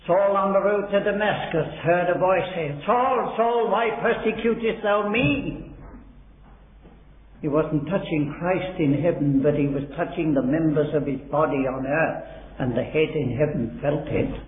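A man's voice: a little high, fairly even intonation, normal speed. A man preaching a sermon, expounding Bible verses earnestly and building to dramatic emphasis in a large hall. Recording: echoey hall on a tinny old recording.

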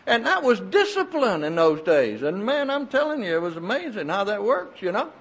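An older man preaching a sermon, telling folksy stories in an animated, emphatic way. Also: high-pitched, normal speed, husky.

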